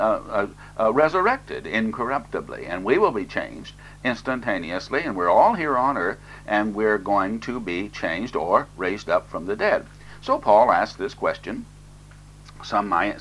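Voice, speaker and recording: A man's voice: lowish voice, bright, forceful tone, rough recording. A man preaching an expository sermon, reading scripture aloud and then explaining it plainly, with fillers.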